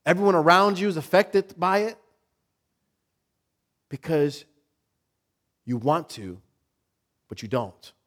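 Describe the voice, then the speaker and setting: A man preaching a sermon, animated, acting out inner voices with sudden loud high bursts, repeating words and laughing with the congregation. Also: takes it slowly, pauses often. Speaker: pastor.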